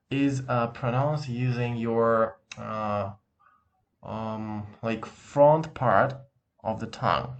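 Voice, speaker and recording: A man's voice: mid-range voice, lively intonation, takes it slowly. A man teaching a language lesson, patiently drilling each sound several times and asking the listener to repeat after him.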